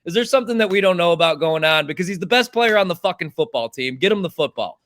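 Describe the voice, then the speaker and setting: A man's voice: high-pitched, animated, quick pace, fairly bright tone. A man with a slightly raised voice gets heated and rants, swearing freely as he argues over football picks. He talks in loose, casual banter as a podcast co-host.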